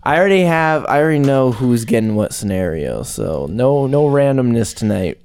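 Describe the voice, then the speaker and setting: A man's voice: medium pitch, sing-song, normal speed, darkish tone, clear, resonant tone. A man hosting a podcast in casual chat, easygoing and joking as he runs the segments. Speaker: podcast host.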